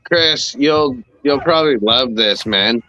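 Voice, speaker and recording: Slow, bright-voiced Canadian man. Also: medium pitch, dull audio. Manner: relaxed, rambling, lots of fillers. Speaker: podcast co-host. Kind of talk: casual chat.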